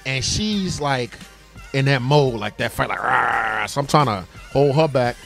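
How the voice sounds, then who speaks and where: A man's voice: mid-range voice, animated, normal speed, vocal fry, soft background music. A man in his forties co-hosting a casual talk radio show, speaking in an impassioned, emphatic way. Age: 40s. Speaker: co-host.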